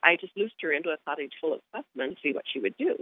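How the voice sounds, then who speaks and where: A woman's voice: sits low, animated, very fast. A woman novelist telling with amusement how she began writing her first book. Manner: chatty, amused storytelling. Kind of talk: interview recollection and reading. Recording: tinny phone-like line.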